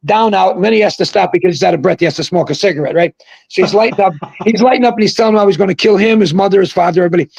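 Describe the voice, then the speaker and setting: Gravelly older man telling rambling stories. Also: sits high, no echo, low-quality recording. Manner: rambling, animated storyteller who shouts out quoted lines. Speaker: guest, former pro bowler. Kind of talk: casual storytelling on a livestream. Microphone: video call mic.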